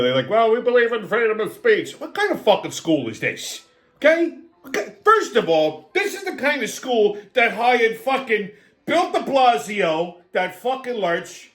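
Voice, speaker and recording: A man in his seventies hosts his own show, telling stories and ranting about the news with constant swearing. He talks loudly and in an animated way, and his voice sits high for a man. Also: roomy sound. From New England. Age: 70s. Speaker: show host. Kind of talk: profane political rant and storytelling.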